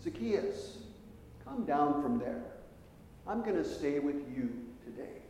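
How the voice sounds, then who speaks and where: A calm, gentle male teacher, voiced by a preacher who speaks softly and in a measured way. His tone is mellow, and it lingers in a hall with long reverb. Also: a little high, slight background noise. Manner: soft, measured.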